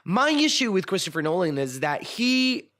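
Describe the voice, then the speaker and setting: A man's voice: high-pitched, sing-song, normal speed, pushed and bright. A man hosting a casual chat, giving strong opinions with frequent ums and restarts. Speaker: host.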